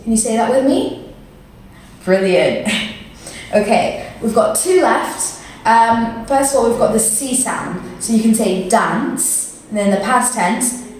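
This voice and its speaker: British lady teaching english sounds really slow and patient, far from the mic in a big echoey room. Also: on the high side, darkish tone, a little hiss or hum. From Britain. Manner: slow, patient, encouraging drills. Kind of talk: pronunciation lesson.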